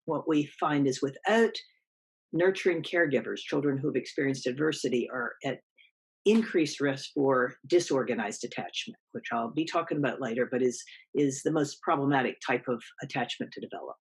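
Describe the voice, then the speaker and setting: A woman presenting an academic lecture, measured and explanatory, with frequent ums and small restarts. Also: rumbling low, husky. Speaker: guest lecturer.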